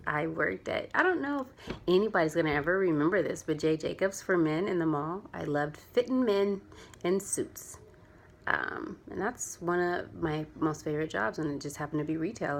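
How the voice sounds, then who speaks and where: Casting note: young woman, low-ish gravelly voice, earnest rambling vlogger, faint hiss behind. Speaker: vlogger and clothing seller. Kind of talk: casual heartfelt vlog.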